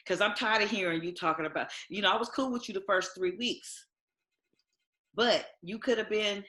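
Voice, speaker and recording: A woman's voice: mid-range voice, quick pace, reverberant. A woman co-hosting a casual recap podcast, talking animatedly, acting out what she would say and laughing often. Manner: animated, acts out quotes, frequent laughter. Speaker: podcast co-host.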